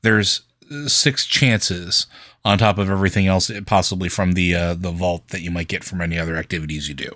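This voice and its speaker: A man's voice: low-pitched, a little fast, a bit bright, dry recording, clean studio sound. A man co-hosting a gaming podcast, chatting casually through news with lots of fillers and restarts. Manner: rambling, many fillers and restarts. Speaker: podcast co-host.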